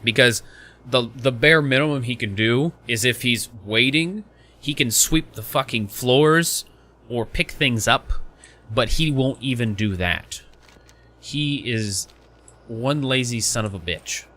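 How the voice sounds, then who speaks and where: A man's voice: medium pitch, slow, bright, forceful tone. A man streaming a game, telling a work story in an exasperated, profane rant. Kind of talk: casual storytelling while gaming.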